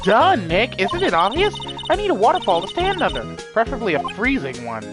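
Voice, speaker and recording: A woman voicing a bubbly, excitable young female spirit medium, with game music behind. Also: fairly high pitch, brisk, pitched above the performer's own voice. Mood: eager. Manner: bubbly, squealing.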